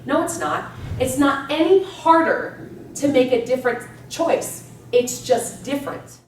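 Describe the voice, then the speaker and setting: A woman's voice: high-pitched, lively intonation, measured pace. A woman giving a live motivational seminar talk to an audience, speaking emphatically and energetically and often checking in with "right?". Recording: echoey room, distant mic, faint background hum.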